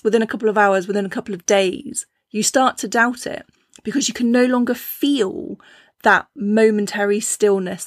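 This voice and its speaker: A woman hosting a casual talk on intuition, chatty, with lively quoted voices and frequent restarts. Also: medium pitch, no echo, studio quality. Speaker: podcast host.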